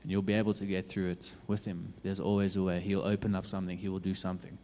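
A man preaching a sermon in a low, mellow voice. He urges his listeners earnestly and repeats himself, dropping to a hush and then swelling up again. His words ring out with the long reverb of a large hall. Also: little pitch movement, fast talker, slight background noise. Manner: earnest, repetitive urging with sudden loud and hushed swings. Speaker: youth preacher.

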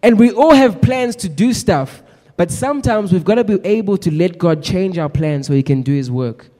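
A man delivers a sermon with earnest, exhorting energy, calling out questions to the congregation. His voice is mellow and fairly high for a man, and it rings through a church hall with a long reverb. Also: lively intonation, moderate pace. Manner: earnest, exhorting, addresses the crowd directly. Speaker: preacher. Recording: echoey hall.

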